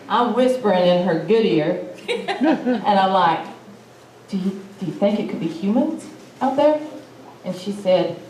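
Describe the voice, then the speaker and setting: A woman's voice: medium pitch, a little mellow, a little hiss or hum. A woman telling a personal encounter story at a symposium, acting out the lines she quotes. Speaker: symposium speaker. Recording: echoey hall, mic far off.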